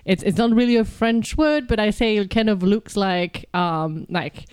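A woman making dry, deadpan remarks in a casual group chat. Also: medium pitch, moderate pace, clean tone, no echo. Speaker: panel guest.

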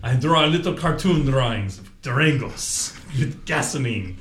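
A man's voice: mid-range voice, unhurried, reverberant, slight background noise. A man playing a hot-tempered, foul-mouthed immigrant car salesman in broken English, in improv comedy. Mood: grumbling. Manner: swearing, excitable, broken English.

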